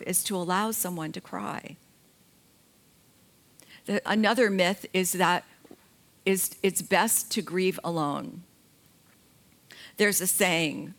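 Woman, middle-aged, grief educator, gentle, unhurried, lowish voice. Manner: slow and gentle, with pauses. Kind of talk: spoken talk on grief.

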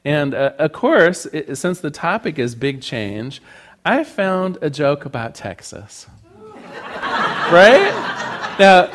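Animated man giving a joking sermon. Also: a little high. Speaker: speaker at a spiritual service.

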